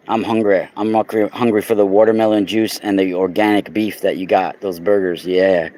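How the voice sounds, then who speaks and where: A man chatting casually on a livestream, exclaiming loudly and talking straight to his viewers while selling crystals. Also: fairly low pitch, steady tone, moderate pace, no echo. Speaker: crystal seller and podcaster. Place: indoors at home.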